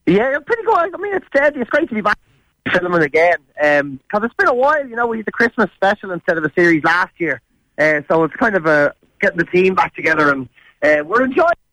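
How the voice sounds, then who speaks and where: A man with a Dublin accent, a guest in a casual radio interview, chatty and quick to laugh. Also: high-pitched, big pitch swings, pushed and bright, dry recording, poor audio. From Dublin, Ireland. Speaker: actor guest.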